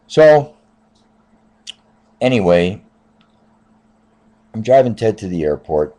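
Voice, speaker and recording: A man in his fifties, a taxi driver, telling a personal story in a casual, rambling way, often repeating "I said" and filling pauses with "uh". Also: on the low side, big pitch swings, mellow. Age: 50s.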